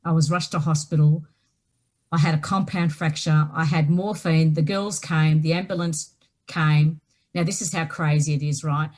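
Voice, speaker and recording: A woman's voice: sits low, fairly even intonation, moderate pace, a little mellow. An Australian woman, a guest author, telling a personal story emphatically and often checking in with "right?". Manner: emphatic, keeps asking "right?".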